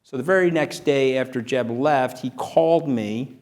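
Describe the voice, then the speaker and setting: A middle-aged man as an interview guest, telling an anecdote fast and animatedly. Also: mid-range voice. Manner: fast, animated, acts out quoted voices. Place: event venue.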